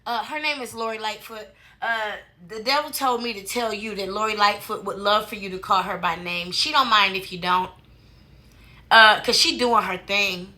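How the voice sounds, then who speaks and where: A woman's voice: mid-range voice, moderate pace, pushed and bright. A woman hosting a casual commentary, talking in a sassy, colloquial way with laughing asides. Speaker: commentary host.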